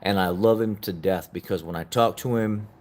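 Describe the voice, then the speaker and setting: A man with a very deep, low voice talks in a casual podcast style. He presses his points earnestly, repeating short phrases, and admits to getting emotional along the way. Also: normal speed, a little mellow. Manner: earnest, repetitive motivational urging; openly emotional, laughs at himself. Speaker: podcast host. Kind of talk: casual opinion talk.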